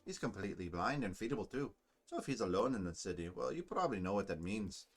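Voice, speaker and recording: A man's voice: fairly low pitch, expressive, fast, husky, soft background music. A man voicing a grim, bitter male dwarf soldier in a put-on Scottish accent, blunt and gloomy. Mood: wistful.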